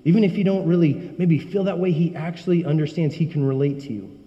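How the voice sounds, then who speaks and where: A man's voice: a little high, fast talker. A man preaching a sermon in an earnest, emphatic way. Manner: earnest, emphatic, rising when he voices prayers. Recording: dull recording with long hall reverb.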